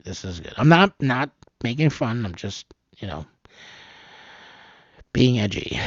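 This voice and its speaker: A man rambling through the day's news in an off-the-cuff way, his voice gravelly and full of swings in pitch, jumping from loud outbursts to low mutters. The recording is dull and lo-fi, with a dry sound. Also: dry recording. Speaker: host of an amateur news channel.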